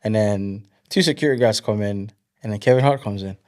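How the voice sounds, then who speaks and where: A man's voice: lowish voice, a little fast. A young man, chatting casually as an interview guest and telling stories animatedly, acting out what others said. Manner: animated storyteller, acts out quotes. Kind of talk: casual chat.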